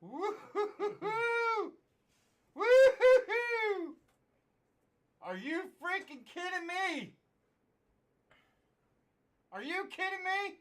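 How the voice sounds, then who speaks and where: A woman hosting a live card-break stream, shouting excited exclamations as she reveals cards. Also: very high-pitched, slow pace, long pauses.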